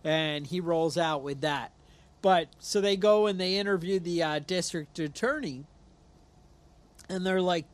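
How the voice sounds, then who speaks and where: A man from New York, co-hosting a podcast, telling stories in a lively way and acting out what people said. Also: sits high, unhurried. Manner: animated storyteller, acts out quotes. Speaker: podcast co-host. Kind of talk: casual chat.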